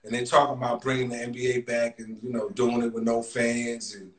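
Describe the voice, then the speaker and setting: A man's voice: mid-range voice, level tone, a little fast, fairly bright tone. A man guesting on a casual interview, laid-back and talking in casual slang. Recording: echoey room.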